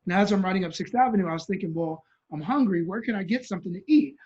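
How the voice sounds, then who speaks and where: A man's voice: high voice, expressive, rapid-fire, darkish tone, husky, highs cut off. A man telling a vivid story as an interview guest, acting out the voices of people in it.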